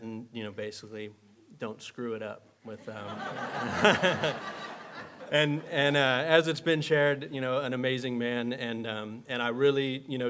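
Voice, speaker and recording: A man who was once a student, speaking a halting memorial tribute full of fillers. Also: mid-range voice, fairly bright tone, slight background noise. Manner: halting, many fillers and restarts. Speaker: former student giving a tribute.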